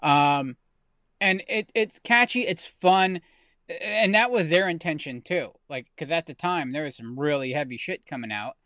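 A man's voice: a little high, unhurried, pushed and bright, no echo, studio quality. A man in his thirties co-hosting a casual podcast chat, rambling and often restarting his sentences. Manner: rambling, self-correcting. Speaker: podcast co-host.

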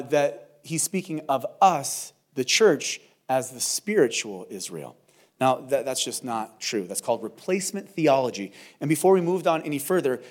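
A man preaching as a pastor in a verse-by-verse sermon, talking in a conversational, earnest way with restarts. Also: mid-range voice. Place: church service.

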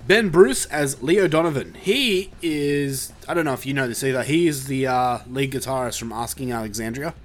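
A man hosting a casual film chat, laid-back and halting, with lots of fillers and swearing. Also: medium pitch. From Australia. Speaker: podcast host reviewing a film.

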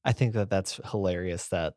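A man co-hosting a casual podcast, chatting in a jokey, animated way. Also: low voice, normal speed, dry recording, studio quality. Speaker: podcast co-host. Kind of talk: casual chat.

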